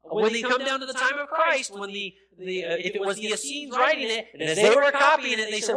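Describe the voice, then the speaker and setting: A man pastor giving a sermon, teaching at length and then rising to near-shouts to stress his points. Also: sits high, lively intonation, brisk, hardly any pauses. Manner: explanatory teaching with repeated phrases and fillers. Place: church sanctuary. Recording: noisy sanctuary recording with crowd sound, poor audio.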